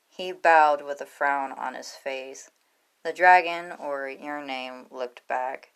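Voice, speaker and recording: Low-voiced woman reading a story. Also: fairly even intonation, unhurried, clean tone. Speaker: fan fiction reader. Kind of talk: reading a fan fiction story aloud.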